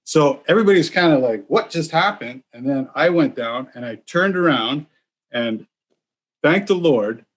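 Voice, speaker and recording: Male co-host, mid-pitched, rambling and self-mocking, acts out the lines people said. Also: animated, moderate pace. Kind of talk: casual storytelling chat.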